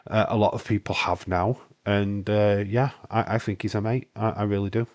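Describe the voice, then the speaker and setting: A man's voice: on the low side, steady tone, moderate pace. A young Scottish man hosting a casual live-stream chat, rambling and swearing freely, his voice congested from hay fever. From Britain. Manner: rambling, sweary, laughs often.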